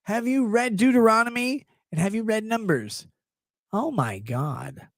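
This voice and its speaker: Male streamer, casual monologue, profane, mocking, very lively pitch, dry close sound. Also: measured pace, dry recording. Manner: profane, mocking, animated riffing. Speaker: livestream host.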